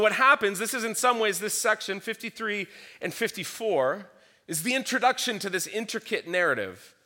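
A pastor preaches a sermon, earnestly teaching through a passage of scripture and reading verses aloud. His voice sits high with a sharp tone.

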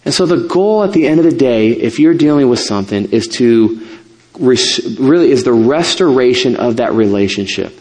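A man's voice: medium pitch, animated, normal speed, darkish tone. A middle-aged man, a pastor, preaching a sermon in a conversational way, with asides and self-corrections.

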